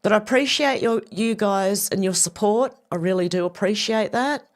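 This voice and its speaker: An Australian woman hosting a casual livestream, rambling and chatty as she talks to viewers and reads their comments. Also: medium pitch. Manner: rambling, chatty, repeats herself, quick laughs. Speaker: livestream host.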